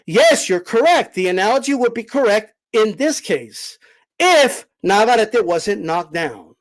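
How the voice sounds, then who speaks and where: A man's voice: high-pitched, big pitch swings, a little slow, rough recording. A man hosting a boxing live stream, lecturing his chat emphatically and raising his voice to repeat his points. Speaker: boxing commentator host.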